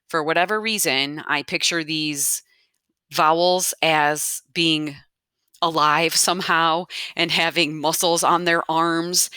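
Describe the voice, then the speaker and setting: A woman's voice: low-pitched, bright, forceful tone, clean tone, no echo, clean studio sound. A woman teaching a recorded grammar lesson, patient, restating each rule and checking in with "okay?". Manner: patient, repeats key points, checks in with "okay?". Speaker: Spanish teacher.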